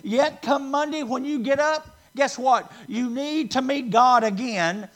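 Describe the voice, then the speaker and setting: A man preaching a sermon to a congregation, stressing key words by drawing them out and asking the listeners questions. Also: extremely high pitch. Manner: emphatic, drawn-out stresses, asks the congregation questions.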